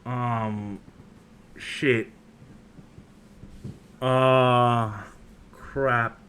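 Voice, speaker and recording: A man's voice: medium pitch, little pitch movement, extremely slow, fairly bright tone, slight background noise. A man hosting a casual livestream chat, rambling with many ums and restarts and swearing freely. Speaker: host.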